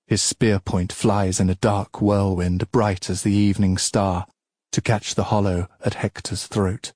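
A male audiobook narrator reads in a measured, solemn manner. His voice is low and husky, his pace very slow. The sound is dry and close, with no room around it. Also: flat delivery, darkish tone, no echo.

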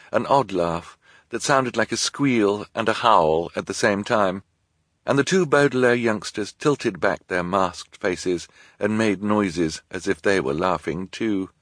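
A man narrating an audiobook in a dry, measured storytelling manner. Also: deep voice, fairly bright tone, no echo.

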